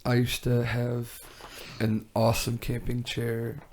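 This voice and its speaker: A man co-hosting a podcast, telling quick casual anecdotes. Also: medium pitch, completely flat delivery, vocal fry, a little mellow, slight background noise. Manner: quick, chatty storyteller. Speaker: podcast co-host. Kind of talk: casual chat.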